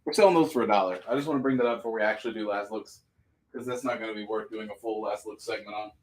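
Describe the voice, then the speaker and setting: Joking man pitching comics live. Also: very fast, a little hiss or hum. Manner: joking, profane, auctioneer-style pitches. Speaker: comic shop live sale host. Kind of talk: casual live-stream sales patter.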